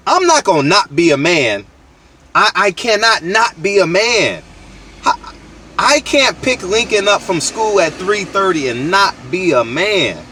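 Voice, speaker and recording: A man's voice: high voice, big pitch swings, unhurried, sharp tone, recorded from a distance, slight background noise. A man hosting his channel, delivering a blunt, slangy, profane opinion rant with lots of emphatic restarts, recorded outdoors. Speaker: channel host.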